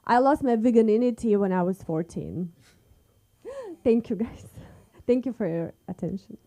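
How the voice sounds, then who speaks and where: A woman from Kazakhstan performing a stand-up set in with deadpan punchlines. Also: fairly high pitch, a little slow. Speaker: stand-up comedian.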